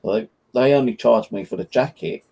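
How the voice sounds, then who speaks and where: Gravelly English man telling a rambling story. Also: medium pitch, moderate pace, mellow. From England. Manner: rambling, full of "you know" and "like". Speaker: guest on a live stream. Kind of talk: casual chat, storytelling.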